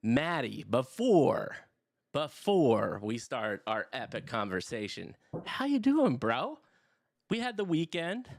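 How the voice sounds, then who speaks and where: A man's voice: medium pitch, takes it slowly, vocal fry, no echo, studio quality. Hyped middle-aged male podcast host. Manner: energetic, hyped, swears casually. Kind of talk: casual podcast chat.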